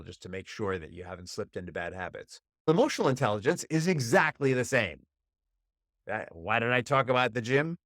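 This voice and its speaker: A man hosting a solo podcast as a relationship coach, telling a story and jumping high in pitch to act out inner voices. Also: dry recording, studio quality.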